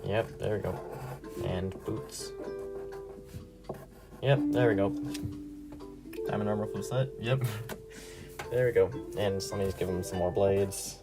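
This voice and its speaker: A man's voice: fairly low pitch, measured pace, pauses often. Giggly young man streaming over music. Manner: rambling, giggly, self-deprecating. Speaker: livestreamer. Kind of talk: casual livestream chat while drawing. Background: background music.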